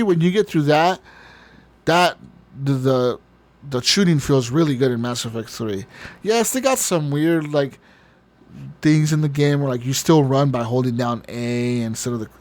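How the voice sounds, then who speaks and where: A man's voice: a little high, lively intonation, normal speed. A man co-hosting a podcast, telling a long story in casual chat, rambling and profane, often laughing. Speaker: podcast co-host.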